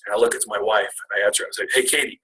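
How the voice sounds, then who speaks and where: A man's voice: lowish voice, little pitch movement, very fast, fairly bright tone, low-quality recording. A man in his twenties telling a personal family story at a retreat, rambling and self-deprecating with jokes. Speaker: speaker at a retreat.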